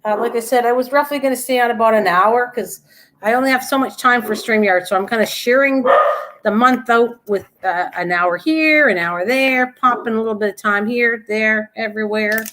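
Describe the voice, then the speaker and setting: Chatty older woman with a high voice. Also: normal speed, fairly bright tone. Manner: chatty, rambling, greets viewers and reads chat aloud. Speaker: live stream host. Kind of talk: casual live stream chat. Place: at home.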